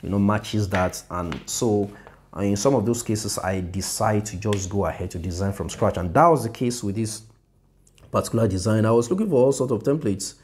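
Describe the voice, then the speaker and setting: Man, lowish voice, casual design tutorial, self-correcting, soft laughs, recorded on a phone. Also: moderate pace, slight background noise. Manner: loose, repetitive, self-correcting, laughs softly.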